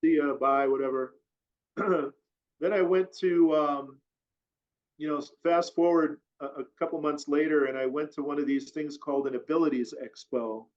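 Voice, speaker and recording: A man's voice: a little high, moderate pace. A man telling a long personal story as an interview guest, rambling and full of fillers. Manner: rambling, filler-heavy, animated retelling. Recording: dull lo-fi audio.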